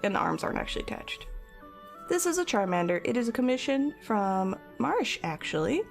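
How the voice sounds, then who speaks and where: Woman chatting to her stream at the art desk, higher voice, a bit of vocal fry, camera mic, faint music behind. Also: sing-song, a little fast. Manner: chatty, greets viewers by name; drops into soft mutters and whispers. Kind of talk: casual chat with live chat.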